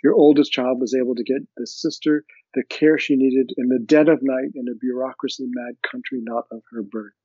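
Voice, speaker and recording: A man reading as a suave erudite gentleman. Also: mid-range voice, dry recording, close to an everyday voice. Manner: gentle, measured reassurance. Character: suave erudite English businessman, kind and reassuring. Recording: dry, slightly muffled audio.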